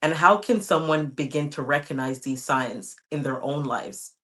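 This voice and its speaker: A woman with a notably low-pitched voice hosts a podcast interview. She talks in a relaxed, conversational way, affirming and encouraging her guest as they chat. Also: normal speed. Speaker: podcast host.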